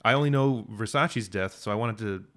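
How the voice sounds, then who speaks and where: A man co-hosting a podcast, talking in a casual, animated way with frequent restarts. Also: fairly low pitch, a little fast. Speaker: podcast co-host. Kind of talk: casual chat.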